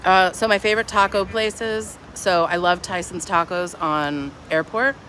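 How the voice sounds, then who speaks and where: A woman's voice: on the low side, measured pace, fairly bright tone, rough recording. A woman livestreaming on a phone outdoors, chatting casually in a mocking, sarcastic way. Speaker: livestreamer at a street protest. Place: outdoors on a city street. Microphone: phone held while streaming. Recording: outdoor street noise with passing traffic.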